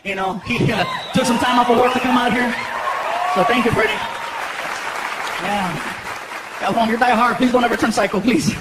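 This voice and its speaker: A man telling stories in live stand-up comedy, animated and acting out the voices of the people he talks about. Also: extremely high pitch, moderate pace, pauses often. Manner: animated storytelling, acts out voices. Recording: live show with loud crowd noise.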